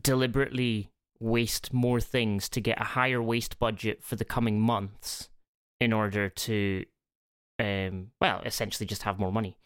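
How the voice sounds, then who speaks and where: A podcast co-host in casual chat, telling stories with animation and swooping into high voices. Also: flat delivery, normal speed, smooth, no room sound, studio quality.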